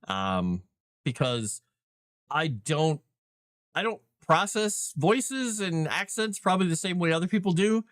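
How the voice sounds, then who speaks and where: A man's voice: fairly high pitch, animated, unhurried, a bit bright, no echo. Chatty, rambling man on a dry mic. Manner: rambling, chatty, with many fillers and restarts. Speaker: livestream host and game master. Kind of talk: casual livestream chat.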